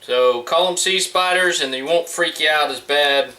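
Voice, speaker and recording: A middle-aged Gulf Coast man with a fairly high, sharp-toned voice talks at a moderate pace, chatting with viewers as he grills out back. He's a home cook vlogger, laid-back and chatty, making a casual cooking vlog. The audio sounds roomy and distant, with faint noise behind him.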